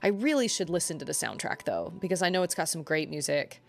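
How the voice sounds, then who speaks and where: A woman's voice: low voice, very animated, fast, gravelly. A woman livestreaming, chatting casually and rambling as she reacts to her viewers. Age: adult parent. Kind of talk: casual chat.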